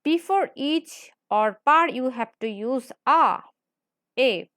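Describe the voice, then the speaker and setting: High-pitched female grammar teacher, repetitive lecture delivery, dry recording. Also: animated, a bit bright, no echo. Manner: repetitive, explains slowly with frequent "right?". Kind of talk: classroom lecture.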